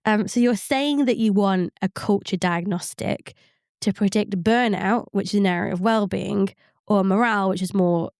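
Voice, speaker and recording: A woman co-hosting a podcast, explaining workplace psychology in a measured way with many fillers. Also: medium pitch, darkish tone, no echo, studio quality. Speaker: psychologist co-host. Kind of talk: podcast advice chat.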